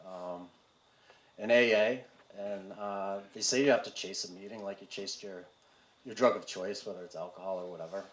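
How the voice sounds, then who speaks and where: A man telling his personal recovery story to a live audience, halting and candid, with wry humor and frequent fillers. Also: fairly low pitch. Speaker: speaker sharing a recovery story. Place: community event hall with audience. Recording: roomy hall with faint room noise.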